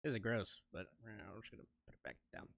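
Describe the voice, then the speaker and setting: A young man with a lowish, gravelly voice chats very animatedly and quickly while streaming his music-making. He rambles, interrupts himself and laughs a lot, and there's heavy background noise.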